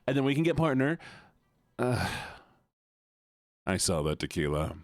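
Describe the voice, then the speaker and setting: A man's voice: medium pitch, very animated, normal speed, dry recording, studio quality. A man streaming live, chatting casually and playfully with viewers, teasing them and greeting each one by name.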